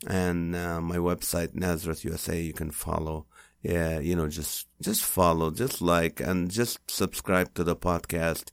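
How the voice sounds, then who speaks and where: Male podcast host, deep voice, playful mock scolding, dry close sound. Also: fairly even intonation, unhurried, smooth, no room sound. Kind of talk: podcast sign-off.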